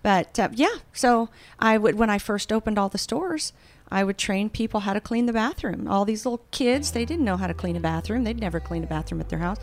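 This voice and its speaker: A woman, a business founder telling her story in a casual interview, animated and acting out other people's voices. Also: mid-range voice, a little fast. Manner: animated, acts out quoted voices. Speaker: guest, bakery founder.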